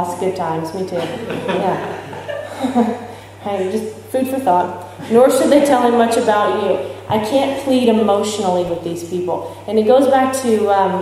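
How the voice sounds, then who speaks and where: At normal speed, a woman speaks in a warm, medium-pitched voice to a recovery convention audience. She shares her recovery experience candidly in a large hall, mixing in jokes and questions for the crowd. There is a little hiss or hum on the distant, echoing recording.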